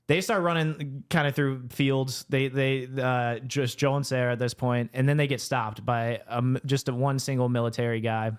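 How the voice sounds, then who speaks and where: A young man, a podcast co-host, retelling a story in a rambling, animated way and quoting characters as he goes. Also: mid-range voice, normal speed, hardly any pauses, clean tone. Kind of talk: casual storytelling chat.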